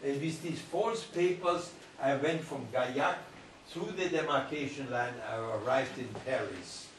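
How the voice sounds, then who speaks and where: An older man with a German accent tells his story to pupils in an animated way, often restarting his sentences. He is heard from a distance in an echoey school hall with faint ambient noise. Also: medium pitch, unhurried. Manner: animated storyteller, repeats phrases, frequent restarts. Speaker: Holocaust survivor speaker. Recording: echoey hall, recorded from far off.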